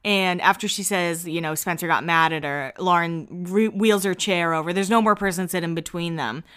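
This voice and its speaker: A woman hosting a podcast, chatting casually and with amusement as she recaps a reality show, quick with her asides. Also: lowish voice, fairly bright tone, smooth.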